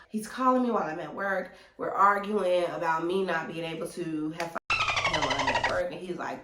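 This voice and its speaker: Young woman storytime vlogger, slangy and animated, echoey room. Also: fairly low pitch, moderate pace. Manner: animated, slangy, addresses viewers as y'all. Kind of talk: storytime vlog.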